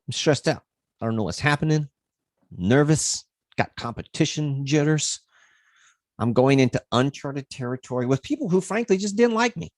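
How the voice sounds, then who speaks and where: A man's voice: medium pitch, darkish tone, dry recording, studio quality. A man hosting a fitness livestream, telling a rambling story in a casual way and swearing freely.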